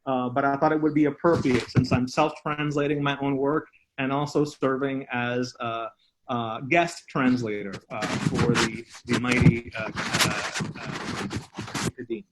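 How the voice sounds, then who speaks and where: A man reading a poem he is improvising, switching languages line by line to translate himself, in halting, drawn-out phrases. He walks around his house and speaks into a phone. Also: mid-range voice, steady tone, noisy background. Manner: switches back and forth between two languages line by line, self-translating. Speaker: poet. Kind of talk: improvised bilingual poetry reading. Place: at home, walking around the house.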